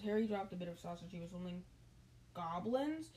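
A woman's voice: on the low side, expressive, brisk, a little mellow, poor audio. A woman reading a children's novel aloud, stopping now and then to chat and answer questions. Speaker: reader.

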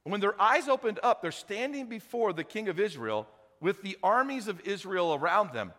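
Bright-voiced male preacher in a hall. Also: sits high, moderate pace. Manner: animated storyteller with conversational asides. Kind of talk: sermon storytelling. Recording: echoey hall.

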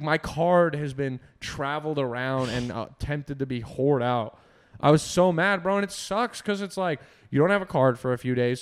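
A man's voice: mid-range voice, clear, resonant tone. A young man in casual chat, rambling with constant fillers and swearing.

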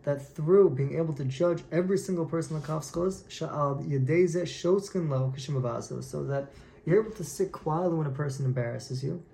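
Gravelly man telling a Torah story. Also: a little high, normal speed. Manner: animated storyteller acting out quoted voices. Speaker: Torah teacher. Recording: echoey room, faint background noise.

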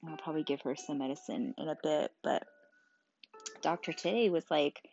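A tired young mother talking candidly and emotionally, swearing often, speaking quietly as her child sleeps beside her. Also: low-pitched, a little fast, creaky, highs cut off. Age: young adult. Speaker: mother vlogging about her sick child. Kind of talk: casual personal vlog.

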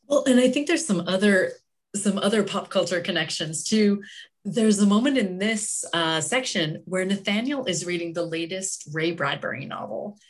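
A woman who is a book club regular, explaining her thoughts in a calm, considered way. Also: medium pitch, moderate pace. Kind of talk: casual book club chat.

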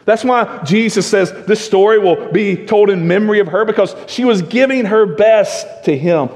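A male pastor preaching a sermon, emphatic, full of rhetorical questions, swinging between loud and hushed. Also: high voice, moderate pace. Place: church sanctuary. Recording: long reverb of a church sanctuary.

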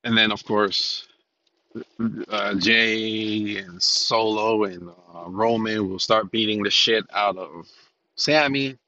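A man's voice: lowish voice, slow, sharp tone, no echo, highs cut off. A man hosting a solo podcast in casual commentary style. He rambles, restarts his sentences, says "um" a lot and swears casually. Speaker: podcast host.

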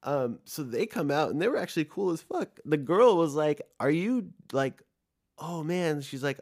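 A man's voice: fairly high pitch, lively intonation, darkish tone. A young man hosting a podcast, telling a rambling, profane story in a casual rant full of fillers. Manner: profane, rambling, fast, heavy use of "like". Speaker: podcast host.

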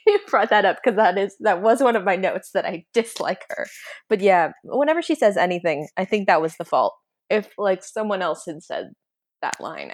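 A woman co-hosting a podcast in a casual chat, easygoing, laughing often and talking with many fillers. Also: medium pitch. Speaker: podcast co-host.

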